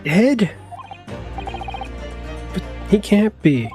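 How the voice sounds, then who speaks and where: A man's voice: sits high, very animated, extremely slow, over music, pitched above the performer's own voice, exaggerated voice. A man voicing a flustered young man, panicky and exclaiming. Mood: panicked. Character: flustered young male law student hero.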